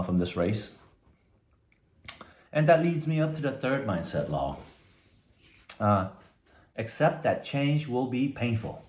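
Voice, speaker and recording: A man giving a conversational motivational talk, often tagging his points with "right?". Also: lowish voice. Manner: conversational, frequent "right?" tags. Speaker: motivational speaker. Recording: echoey room.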